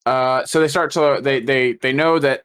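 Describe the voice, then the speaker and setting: A man's voice: mid-range voice, steady tone, normal speed, fairly bright tone, clean tone. A man co-hosting a podcast, chatting casually and often questioning plot details with a laugh. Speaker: podcast co-host. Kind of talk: casual movie discussion.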